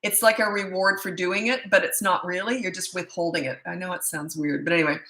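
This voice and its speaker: A woman's voice: on the low side, fairly even intonation, a little fast, bright, forceful tone. A middle-aged woman parenting coach, answering viewer questions in a blunt, chatty way with storytelling asides. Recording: echoey room.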